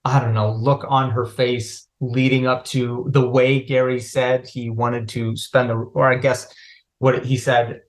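A man chats as a podcast guest at an ordinary, mid-range pitch. He sounds earnest and sincere, with a playful, teasing streak as he trades banter. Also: flat delivery, unhurried. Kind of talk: casual chat recap.

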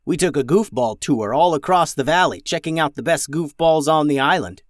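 A man's voice: a little high, animated, normal speed, no echo, clean studio sound, lightly acted. A man doing a groggy young dragon. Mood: easygoing. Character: groggy human-sized young male dragon.

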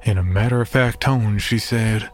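A man narrating a horror story in a calm, even storytelling voice. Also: lowish voice, moderate pace, soft background music.

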